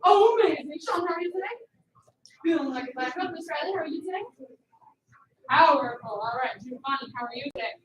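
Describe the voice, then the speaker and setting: A woman karate instructor leading a children's class in an indoor studio, upbeat, calling students by name and shouting commands. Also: sits high, lively intonation, fairly quick, roomy sound, crowd noise, low-quality recording.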